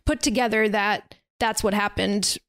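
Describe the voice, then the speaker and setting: A woman's voice: mid-range voice, fairly even intonation, a little slow, fairly bright tone, clear, resonant tone, dry recording. A woman co-hosting a podcast, telling a long story in loose casual chat. She leans on fillers and restarts as she goes. Her voice sits mid-range and sounds dry and close, with no room around it. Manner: rambling, filler-heavy storytelling with lots of "like" and "um". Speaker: podcast co-host. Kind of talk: casual chat recapping a horror film. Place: podcast recording setup.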